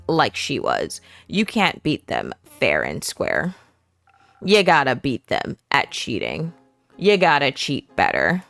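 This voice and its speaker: A woman's voice: a bass voice, creaky, fairly bright tone, no room sound, voice pushed down, heavily acted. A woman playing a brash, boastful master cheater. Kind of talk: video game voice acting.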